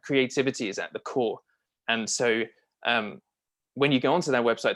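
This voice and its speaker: A man interviewed as a copywriter and marketing strategist talks casually and enthusiastically, with frequent fillers and restarts. His voice is mid-range and a bit bright.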